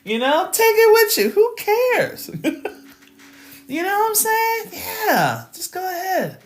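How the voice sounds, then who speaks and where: A woman who hosts a math channel, giving a casual motivational rant to her viewers, laughing often and answering live chat. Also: slow. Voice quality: lively, swinging pitch. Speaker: math teacher and channel host.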